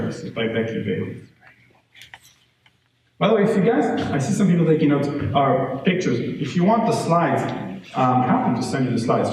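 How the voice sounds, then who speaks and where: A man's voice: mid-range voice, gravelly. A man giving a conversational parenting talk to a live audience, telling stories and checking in with listeners. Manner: conversational, animated storytelling with audience check-ins. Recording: echoey room, distant mic, faint noise.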